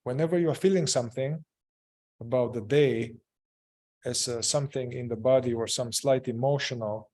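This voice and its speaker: Male group facilitator, mid pitch, unhurried and halting, full of "uh" and restarts. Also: darkish tone. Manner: hesitant, many fillers and restarts. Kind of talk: guiding a group in therapeutic inquiry.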